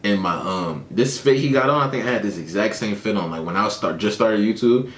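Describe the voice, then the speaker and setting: A man with a low voice reacts casually to a clip, loose and slangy, throwing in curse words as he goes. His voice echoes in the room. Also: fairly quick, fairly bright tone. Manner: laid-back, slangy, swears freely. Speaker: host reacting to a video.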